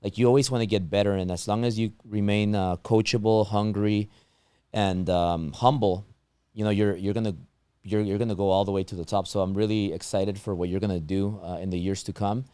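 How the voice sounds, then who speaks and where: A man's voice: fairly low pitch, steady tone, brisk, dark tone, smooth, no echo. A man hosting a casual interview, talking with a tired, strained voice he says is going, rambling with many restarts. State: losing his voice, strained throat. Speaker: podcast host.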